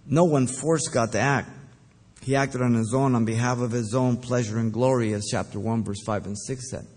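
A man preaching verse by verse, deliberate and emphatic, with occasional fillers. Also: medium pitch, fairly even intonation, darkish tone. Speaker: pastor. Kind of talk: verse-by-verse Bible teaching.

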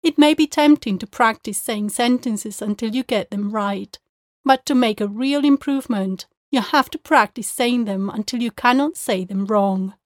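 A woman teacher giving a scripted pronunciation lesson, explaining clearly and modelling words slowly, recorded close to the mic. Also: on the high side, no room sound.

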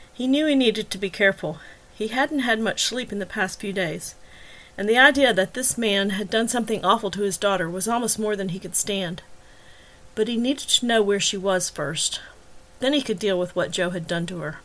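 A woman narrating her own serialized novel in a measured, even storytelling voice. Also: medium pitch. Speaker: author and audiobook narrator.

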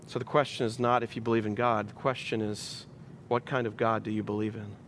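A man's voice: fairly low pitch, little pitch movement, brisk, fairly bright tone, slight background noise. A male pastor preaching a sermon in an emphatic style, building his points through rhetorical repetition.

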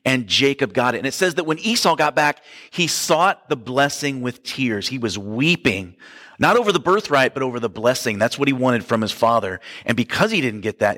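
A man's voice: medium pitch, a bit bright. A man preaching a sermon, retelling a story in a casual, joking way. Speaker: pastor. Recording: long hall reverb.

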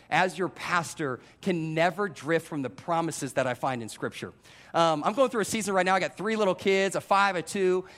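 Thirties male pastor with a high voice; lively sermon delivery that mixes personal stories with audience asides. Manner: animated, self-deprecating storytelling with direct audience address.

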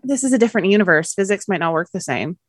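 A woman's voice: mid-range voice, animated, quick pace, crowd noise. Chatty woman podcast co-host. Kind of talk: casual chat.

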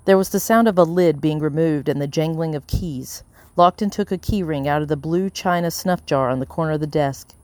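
An audiobook narrator reading a first-person story in a steady, measured way. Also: medium pitch, no room sound.

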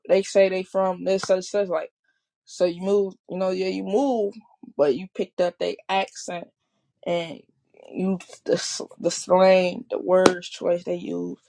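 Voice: medium pitch, gravelly, a little mellow. A speaker from Chicago with a Chicago accent, talking in a rambling, repetitive casual monologue. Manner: rambling, repeats and restarts often. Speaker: vlogger.

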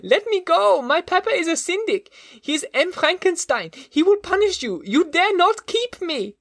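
A terrified little boy shrieks in a shrill, strained voice, pitched far above a grown voice. His cries are defiant, loud and desperate, like a storybook child fighting to break free. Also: very animated, moderate pace, dry recording, clean studio sound, exaggerated voice. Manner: shrill, screaming insults.

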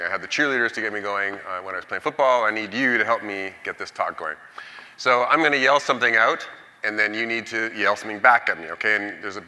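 A man in his sixties from Canada, giving a public science lecture in a big auditorium with a jokey, energetic manner. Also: fairly low pitch. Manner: jokey, energetic, leads the audience in cheers. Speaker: guest lecturer. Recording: long auditorium reverb.

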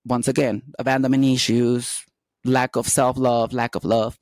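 A woman telling candid personal stories as an interview guest, lively and quick to act out the dialogue. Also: extremely low pitch, no room sound. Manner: animated, acts out dialogue in quotes.

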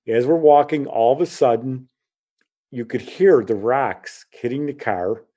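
Man with a mellow voice telling a story. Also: mid-range voice. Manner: animated, acts out the voices in his story. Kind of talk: casual personal storytelling.

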